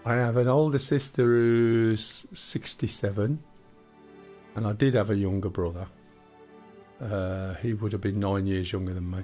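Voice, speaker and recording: A chatty man in his sixties runs a live game stream, his voice sitting a little low. He rambles and drops jokey asides as he plays. Faint music hums underneath. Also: fairly even intonation, unhurried, dark tone. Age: 60s. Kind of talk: casual gameplay chat.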